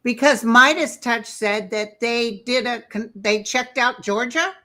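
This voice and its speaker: Slightly high-voiced woman, emphatic, agreeing a lot on a video call. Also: a little slow, pushed and bright. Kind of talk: casual political chat.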